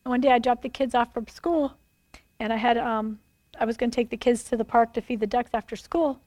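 A woman preaching a sermon, telling stories in an animated, emphatic way and acting out dialogue. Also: fairly high pitch, fairly quick, no echo.

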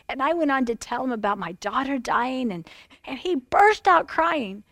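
A middle-aged woman pastor telling a personal testimony in a sermon, animated and full of fillers. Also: fairly high pitch, moderate pace, dry recording.

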